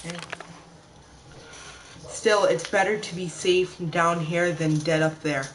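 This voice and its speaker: Casual gamer voice, mid-pitched, chatty commentary over play with faint noise behind. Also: fairly even intonation, slow pace, fairly bright tone, rough recording. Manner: chatty, talks to viewers as "guys" and reads game text aloud. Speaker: gamer playing a survival game.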